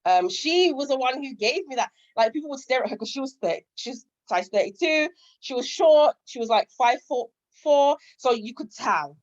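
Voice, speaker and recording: A woman's voice: sits high, expressive, normal speed, few pauses. Candid woman guest on a muffled mic. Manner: candid, storytelling, acts out relatives' lines. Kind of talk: casual interview chat.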